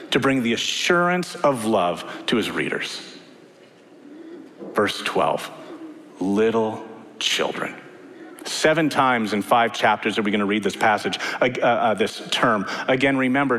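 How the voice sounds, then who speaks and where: A man in his thirties preaching to a congregation in a church sanctuary. His voice rises and falls in wide, lively arcs as he tells stories. The sound carries a long reverb from the hall. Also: mid-range voice. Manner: animated storytelling preacher, swinging between loud and hushed. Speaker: pastor. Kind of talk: sermon.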